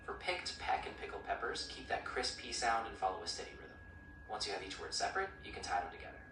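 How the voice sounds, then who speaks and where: A synthetic male voice assistant coaching pronunciation in an upbeat, encouraging way with even-paced explanations. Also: on the low side, fast talker. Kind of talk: friendly coaching chat. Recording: roomy, distant speaker playback with clear noise.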